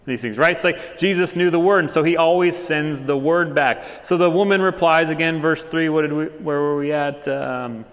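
A man preaches in a relaxed, chatty way, full of fillers and quick asides. His voice sits a bit high for a man. The sound carries a long echo from a church hall. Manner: casual, conversational preaching with many fillers. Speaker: pastor. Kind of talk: sermon.

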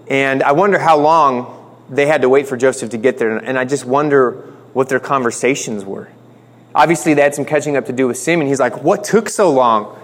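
Male pastor, slightly high voice, relaxed joking sermon delivery, long hall reverb. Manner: conversational, joking, acts out quotes.

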